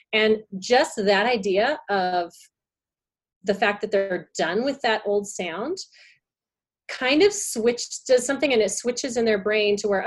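A woman's voice: mid-range voice, a little slow. A woman speech therapist talks through her favorite tip in a casual podcast chat. She sounds enthusiastic, with a mid-range voice, and she fills her explanation with ums and restarts. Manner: enthusiastic, explains with many fillers.

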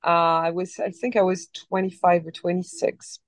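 A woman in her forties with a slight French accent tells a long story as an interview guest. She rambles and restarts often, and her voice rises and falls with lively emphasis. The sound is dry and close. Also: on the low side, moderate pace, dry recording. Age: 40s. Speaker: actress guest. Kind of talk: casual podcast interview.

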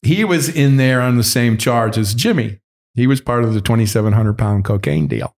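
A man's voice: medium pitch, moderate pace, darkish tone. A man casually telling a long story, candid and full of swearing. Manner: profane, candid and rambling.

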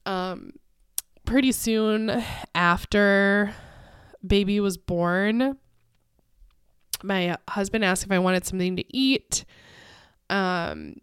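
A woman's voice: mid-range voice, slow pace, pauses often, clean tone, no echo, studio quality. A young adult woman hosting a podcast, telling a personal story casually with lots of fillers and frequent laughs. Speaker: podcast host.

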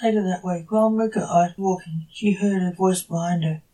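A narrator reading an amateur story aloud in a plain, unhurried way. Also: medium pitch, steady tone, mellow. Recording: distant from the mic.

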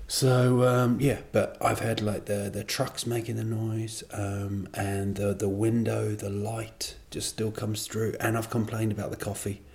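Low-voiced man rambling on a podcast. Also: little pitch movement, moderate pace, creaky, a little mellow. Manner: rambling, self-deprecating, digressive. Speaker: comedian and podcast host. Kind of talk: casual solo podcast monologue.

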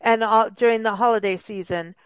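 A woman's voice: medium pitch, steady tone, fairly quick, clean tone, dry recording. A woman hosting a radio talk show, chatting enthusiastically with her guests and exclaiming often. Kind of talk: casual chat.

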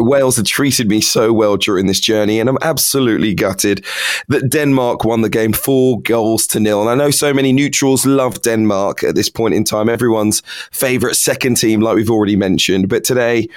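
A man hosting a sports podcast, a bit hoarse from losing his voice, chatty and self-mocking. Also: fairly low pitch. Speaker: podcast host. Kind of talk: casual sports podcast chat.

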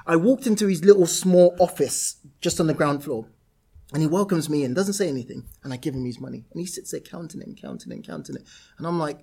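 Man, husky voice, fairly high pitch, lively storyteller, casual interview guest. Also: quick pace. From South-East London, England. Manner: animated, laughs through his anecdotes. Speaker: property entrepreneur guest.

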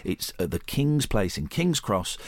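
A man's voice: fairly low pitch, very animated, unhurried, dry recording. A man hosting a podcast, teasing his co-host with casual, mildly sweary banter.

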